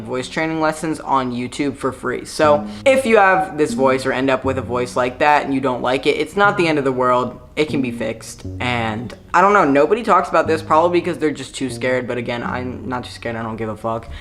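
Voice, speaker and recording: A man's voice: mid-range voice, fairly bright tone. A man talking frankly in a casual vlog, chatty and full of filler words. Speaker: YouTuber. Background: background music.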